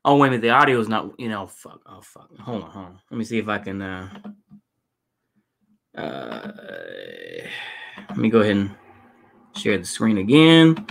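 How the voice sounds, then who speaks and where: A man with a lowish, gravelly voice swings widely in pitch at normal speed, pausing often. Streaming live, he reacts to protest footage in a rambling, profane way packed with fillers.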